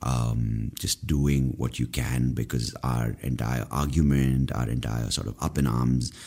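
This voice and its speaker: A man delivers a solo podcast rant. His voice sits extremely low, almost rumbling. He swears freely and sounds fed up. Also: fairly even intonation, a little slow, creaky, a little mellow. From India. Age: 30s. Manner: profane, exasperated, ranting. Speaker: podcast host.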